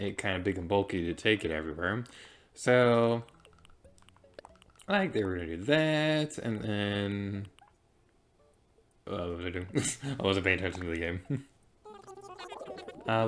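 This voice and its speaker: Woman with an unusually deep voice, let's play host; chatty, wanders into side stories while gaming. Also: slight background noise. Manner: chatty, rambling, goes off on tangents. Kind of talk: casual gameplay commentary.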